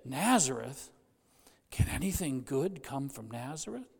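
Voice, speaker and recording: A man's voice: medium pitch, sing-song, a little slow, creaky, slightly rough, long reverb tail, heavily acted. A man voicing an indignant male apostle scoffing at a town, as part of a sermon told to a congregation.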